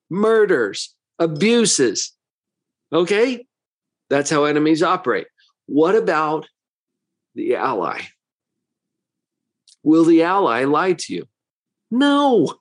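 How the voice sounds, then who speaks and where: A man who works as a psychologist giving a motivational talk, full of rhetorical questions, with a conversational and emphatic manner. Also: fairly high pitch.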